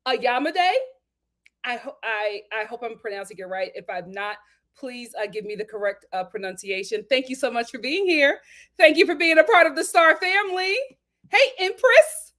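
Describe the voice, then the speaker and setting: A woman's voice: a little high, a bit bright. A young woman hosting a live stream, chatting casually and animatedly with her viewers and laughing often. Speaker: host of a live show review stream.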